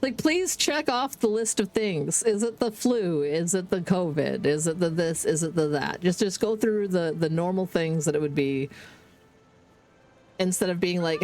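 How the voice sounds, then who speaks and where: A woman's voice: fairly low pitch, lively intonation, moderate pace, darkish tone. A Canadian woman streaming a game, chatting candidly and swearing freely, with rambling restarts. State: under the weather. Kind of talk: casual gaming stream chat.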